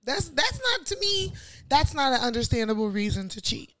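High-pitched woman, blunt and opinionated, chatting casually, dry close sound. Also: big pitch swings, normal speed, sharp tone, dry recording. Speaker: podcast co-host. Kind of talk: casual chat.

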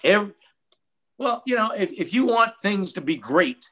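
An older man, a radio host, speaks with a husky voice that sits fairly high and moves through a lively range. He talks earnestly and reflectively in casual conversation, often repeating words as he gathers his thoughts. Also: moderate pace. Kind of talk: casual interview chat.

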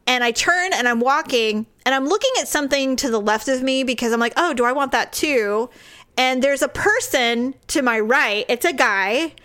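Animated woman telling a story. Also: normal speed, few pauses. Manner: animated, self-deprecating, acts out quotes in a higher voice. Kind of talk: casual storytelling chat.

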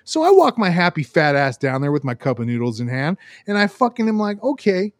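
Male co-host, raised voice, very lively delivery, profane storyteller who does the voices himself. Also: on the high side, a little fast, no room sound. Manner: profane, animated, acts out voices in his stories. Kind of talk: casual storytelling chat.

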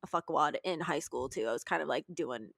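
A woman's voice: low-pitched, brisk, vocal fry, fairly bright tone, no echo, clean studio sound. A young adult woman, a podcast co-host, reacting bluntly and emphatically with lots of swearing in casual chat.

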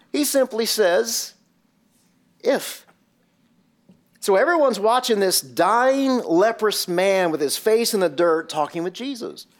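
A man preaching a sermon and retelling a scene vividly, with many rhetorical questions. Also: high voice. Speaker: pastor.

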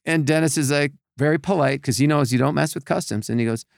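A man telling animated stories in a casual chat, acting out other people's voices with lots of restarts. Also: fairly high pitch, fast talker, vocal fry, no echo, clean studio sound. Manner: animated storyteller, acts out voices, many restarts. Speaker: podcast guest telling stories.

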